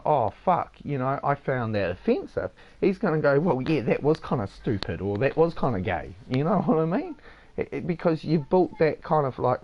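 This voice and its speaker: Gravelly man, lo-fi streamer rant. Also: a little high. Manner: rambling, swears a lot, says "mate". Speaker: game streamer. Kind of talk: casual lecturing chat. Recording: dull lo-fi sound.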